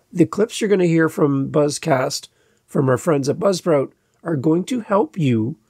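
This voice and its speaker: Gravelly, chatty male podcast host. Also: fairly high pitch, darkish tone, no echo, clean studio sound. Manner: chatty, emphatic, repeats words for stress. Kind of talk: casual solo podcast talk.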